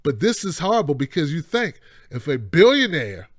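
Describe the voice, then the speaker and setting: A man's voice: fairly high pitch, big pitch swings, moderate pace, dry recording, clean studio sound. A man hosting a live call-in show, delivering impassioned political commentary in a rambling, emphatic way with mocking asides.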